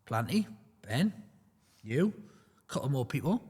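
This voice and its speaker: A man with a husky, slightly breathy voice speaks in a studio whose long reverb trails after his words. His talk is a blunt, motivational roundtable chat broken up by joking asides. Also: medium pitch, big pitch swings, measured pace, a little mellow. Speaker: prop trading firm team member.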